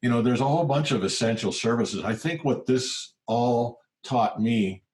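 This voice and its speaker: A man's voice: medium pitch, normal speed. A man, a former tech executive in his sixties, chatting in an interview and acting out the voices of the people in his stories. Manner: animated storyteller who acts out quoted voices. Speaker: guest, former tech CEO. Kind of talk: casual interview talk.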